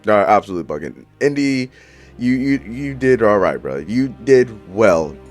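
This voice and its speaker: A man's voice: on the low side, sing-song, normal speed, soft background music. Slangy young man giving blunt opinions. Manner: slangy, profane, talks straight to viewers. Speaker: YouTuber reviewing movie casting. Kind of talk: casual opinion commentary.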